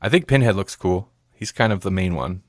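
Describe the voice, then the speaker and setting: A man's voice: low voice, brisk, no echo, clean studio sound. A man co-hosting a movie review podcast, chatting casually and rambling, laughing often. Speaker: podcast co-host.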